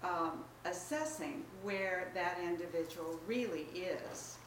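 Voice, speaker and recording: A woman slowly works through a thoughtful question, pausing and hesitating as she goes. Her voice is on the low side and comes from well away from the mic. The room around her is echoey, with faint ambience. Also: recorded from a distance, slight background noise. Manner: hesitant, thoughtful, many fillers. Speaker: student asking a question.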